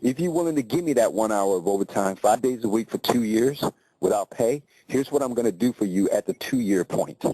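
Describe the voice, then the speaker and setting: A man's voice: fairly low pitch, lively intonation, fairly quick, warm tone, no room sound, low-quality recording. A man voicing a blunt, businesslike male boss.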